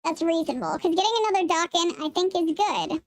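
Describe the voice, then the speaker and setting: A young adult woman game streamer, talking through a voice changer filter, chatty and thinking out loud as she plays and answers her chat. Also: very high-pitched, animated, fast talker. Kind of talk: casual live-stream chat while playing.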